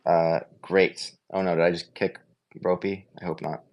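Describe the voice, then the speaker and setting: A man's voice: low-pitched, little pitch movement, moderate pace, darkish tone. Laid-back man hosting a call. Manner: laid-back, jokey, swears casually. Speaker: host of weekly stand-up. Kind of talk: casual group voice call.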